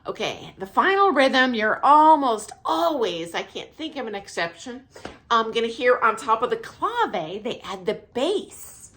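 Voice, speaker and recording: A middle-aged woman, a dance teacher, explaining music counts in a casual, friendly way, with a high, light voice and frequent laughs. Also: sing-song, measured pace, fairly bright tone. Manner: counts beats aloud, self-deprecating, laughs often. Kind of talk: casual instructional talk. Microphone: camera mic, filming herself.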